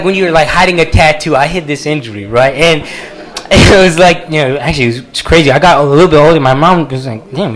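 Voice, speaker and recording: A man with a fairly high voice tells a comic story from a small cafe stage. He talks loosely and chattily into a handheld mic, chuckling as he goes. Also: fairly bright tone. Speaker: comedian. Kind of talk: live stand-up storytelling.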